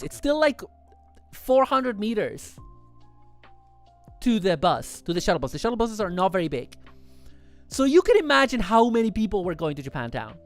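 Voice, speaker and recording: Streamer, casual rambling chat, excitable, smooth clear voice, faint music behind. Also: medium pitch. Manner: rambling, chatty, self-correcting. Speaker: livestream host. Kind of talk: casual livestream chat over photos.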